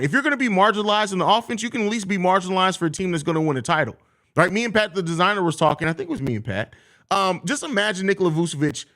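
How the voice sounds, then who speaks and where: A man's voice: a little high, fairly bright tone. A man hosting a live sports talk show, reading viewer questions and answering in a blunt, profane, ranting way. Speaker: podcast host reading chat questions.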